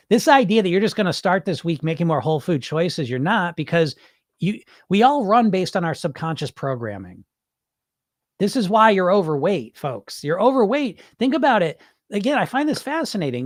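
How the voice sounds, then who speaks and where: A man with a fairly high voice talks in a loose, blunt way, dropping the odd swear word as he speaks to his audience. He sounds close and dry, with no room around him. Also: no echo. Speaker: weight loss hypnotist and podcast host. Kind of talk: casual live-stream talk.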